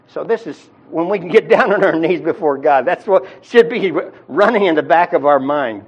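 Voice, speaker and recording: A man's voice: on the high side, lively intonation, moderate pace, hardly any pauses, dull audio. A man teaching a Bible sermon in a conversational way, often restarting and repeating his words. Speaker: preacher.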